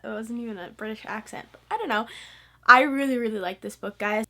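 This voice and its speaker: A woman's voice: mid-range voice, moderate pace, sharp tone. A teenage girl chatting in a casual, gushing way about books she read, with lots of "like" fillers. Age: teen. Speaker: book vlogger. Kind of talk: casual book review vlog.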